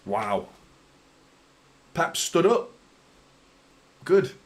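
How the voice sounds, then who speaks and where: Fan-channel host, male, fed-up and sweary, lively swooping delivery, a touch high for a man. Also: extremely slow. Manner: exasperated, sweary, rants at players. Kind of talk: live football watchalong commentary.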